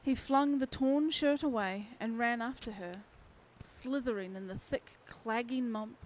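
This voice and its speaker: A woman narrating a novel aloud for a live stream audience. Her delivery is slow and steady, with a slightly high voice and expressive phrasing. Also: slight background noise, low-quality recording. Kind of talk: unhurried storybook reading.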